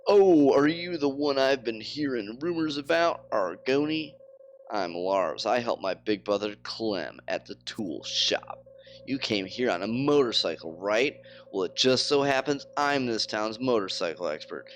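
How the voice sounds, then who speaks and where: A man's voice: mid-range voice, expressive, measured pace, slight background noise, pitched above the performer's own voice, lightly acted. A man voicing an eager, boastful young male motorcycle expert in a farming game.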